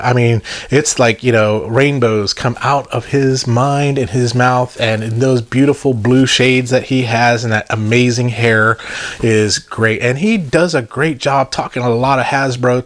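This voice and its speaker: A man's voice: medium pitch, a bit bright. A man with a Southern accent hosting a toy review channel, talking casually and enthusiastically to viewers with joking asides. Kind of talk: casual vlog chat to viewers.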